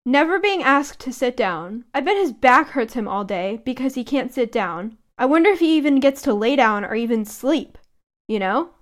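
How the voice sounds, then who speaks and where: A woman's voice: high-pitched, animated, normal speed. A woman co-hosting a podcast, chatting casually and reading book passages aloud. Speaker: podcast co-host.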